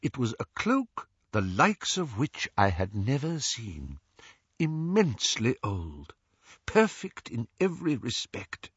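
A man reading the part of an old, remorseful male wizard mentor who speaks softly and haltingly. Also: medium pitch, huge pitch swings, slightly rough, dry recording, dull audio, full character voice. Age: older. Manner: soft, halting, confessional.

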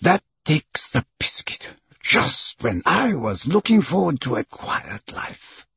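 A man's voice: a little high, very animated, takes it slowly, gravelly, fairly bright tone, breathy edge, dry recording, lo-fi sound, pitched above the performer's own voice, heavily acted. A man voicing a flustered French manservant who sounds startled and bewildered. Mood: grumbling.

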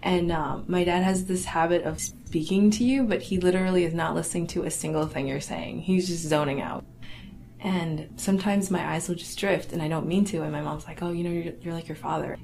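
A young woman telling a personal family story in a casual, halting way, full of "like" and "you know.". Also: lowish voice, gravelly, darkish tone. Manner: casual, halting, lots of fillers and restarts; laughs wryly through awkward memories. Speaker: interviewee.

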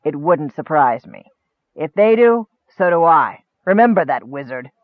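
Sneering goblin boss, a man doing the voice, low growl, tinny and dry. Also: very animated, a little slow, no echo. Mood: surly. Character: snarling half-human male goblin chief. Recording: dry, tinny, narrow-band.

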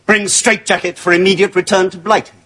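An actor playing a prim, fussy British staff officer, officious, in a sitcom. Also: male voice, sits high, level tone, fairly quick, breathy edge, heavily acted. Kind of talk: sitcom acting before a studio audience. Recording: hissy sitcom audio with loud audience laughter.

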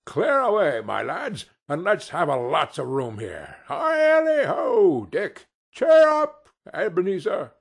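A man voicing a plump, jovial old male employer who shouts with hearty cheer. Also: medium pitch, wildly swooping pitch, a little slow, vocal fry, few pauses, breathy edge, full character voice. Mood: jovial shouting. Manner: boisterous and cheery.

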